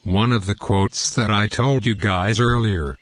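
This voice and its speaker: A man narrating a game walkthrough, deliberately reading out lore and in-game quotes. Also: on the low side, steady tone, dry recording. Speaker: gameplay commentator.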